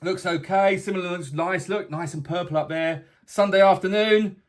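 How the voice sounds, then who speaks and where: A man with a slightly raised pitch talks through a weekly weather forecast in a loose, conversational way. He pitches boat tours as he goes and keeps dropping in jokey asides. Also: steady tone, moderate pace. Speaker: boat tour company presenter. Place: indoors, away from the tour base.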